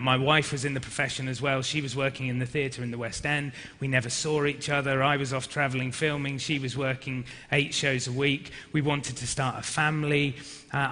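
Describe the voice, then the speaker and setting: A British man with a bright, forward voice fields questions at a business forum. He talks openly and often restarts his sentences. The sound carries a long hall reverb. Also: mid-range voice. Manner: warm, candid, with frequent self-restarts. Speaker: former actor, now speaker and coach. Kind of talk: answering audience questions on stage.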